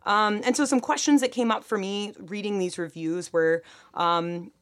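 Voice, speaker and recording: A woman's voice: mid-range voice, fairly even intonation, normal speed. A woman co-hosting a casual chat, reporting on film reviews with many fillers. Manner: reads quotes aloud, many fillers. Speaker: podcast co-host.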